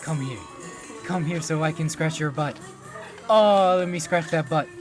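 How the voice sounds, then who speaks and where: A woman's voice: low-pitched, a little slow. A woman streamer reacting casually to a video, gushing and cooing at dogs in baby talk. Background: music.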